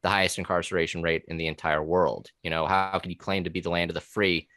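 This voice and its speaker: A man's voice: low-pitched, flat delivery, fast talker, a bit bright, dry recording, clean studio sound. A man talking casually on a podcast about his time as a corrections officer. He rambles with many fillers, restarts and curse words.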